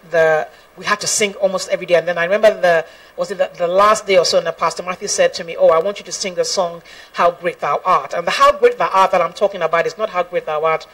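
A woman's voice: on the low side, a bit bright. Woman singer speaking from a distance. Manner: earnest, laughs often, quotes scripture. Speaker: gospel singer. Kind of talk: personal testimony talk.

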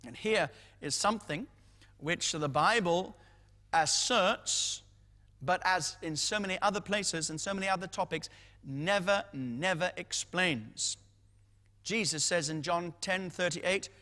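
A man's voice: high-pitched, unhurried, pushed and bright. A man giving a teaching sermon as a Bible teacher, emphatic and repeating key phrases for stress. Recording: long hall reverb.

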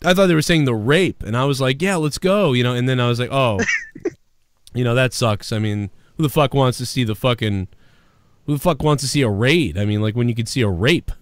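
A man hosting a live stream show in casual, profane chat, breaking into loud mock screams when excited. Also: medium pitch, quick pace, no echo. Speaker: livestream show host.

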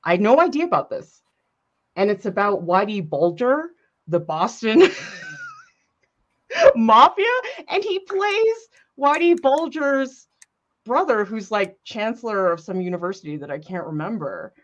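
A woman's voice: on the high side, wildly swooping pitch, unhurried, highs cut off. A woman art instructor chatting casually and laughing often while she paints with ink.

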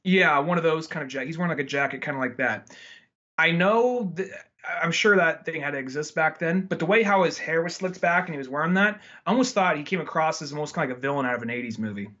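Rambling bright-voiced podcast guy. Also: on the high side, lively intonation, fast, muffled recording. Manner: rambling, full of likes and restarts. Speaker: podcast co-host. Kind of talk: casual movie chat.

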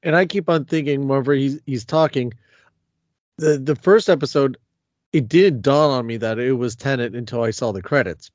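A man co-hosting a fan podcast, at an ordinary pitch and in a measured, slightly halting way. The sound is dry, with no room echo, and a little dull. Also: a little mellow. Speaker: podcast co-host. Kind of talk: casual review chat.

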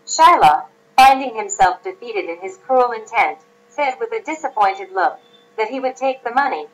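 A woman reading a classic story aloud as an audiobook narrator, at a steady, even pace. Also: a little high, moderate pace, low-quality recording.

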